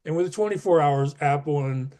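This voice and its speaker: A man's voice: a little high, a little fast, mellow. A man speaking as a podcast guest, earnest and emphatic, pushing up his voice on key advice. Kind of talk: casual interview talk.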